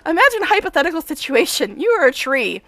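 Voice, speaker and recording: A woman reading aloud the lines of an eccentric, excitable female scholar obsessed with science, in a brisk, lecturing tone. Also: high-pitched, no echo, full character voice. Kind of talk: reading game dialogue aloud.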